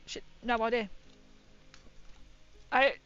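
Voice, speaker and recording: A woman's voice: fairly high pitch, fairly even intonation, takes it slowly, lo-fi sound, very noisy. A young woman chatting casually on a livestream while building a model, rambling and often laughing.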